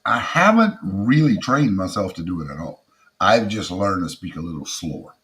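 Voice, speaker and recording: Middle-aged South Louisiana man, low voice. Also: very animated, normal speed, fairly bright tone, low-quality recording. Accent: South Louisiana Creole. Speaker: comedian guest. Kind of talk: casual interview.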